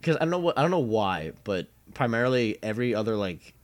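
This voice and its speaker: A young man co-hosting a casual chat, talking loosely, swearing casually and trailing off into quieter mumbles. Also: mid-range voice, sing-song, fast.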